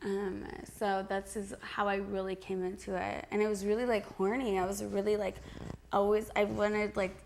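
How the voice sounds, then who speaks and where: A woman's voice: medium pitch, level tone, normal speed, creaky, a little mellow. A young adult woman answering interview questions in a chatty, giggly way, full of "like" and restarts. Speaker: interview guest.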